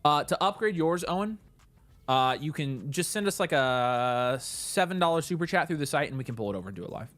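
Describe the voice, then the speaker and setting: A man's voice: a little high, expressive, fairly quick, a bit bright, no echo. Loose, joking male livestream host. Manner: loose, joking, reads chat and thanks viewers. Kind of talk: casual livestream chat.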